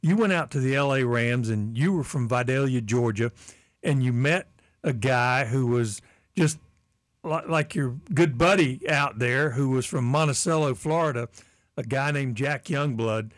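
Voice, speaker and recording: A man's voice: medium pitch, unhurried, no room sound, studio quality. A man hosting an interview, asking friendly prompting questions. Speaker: interview host.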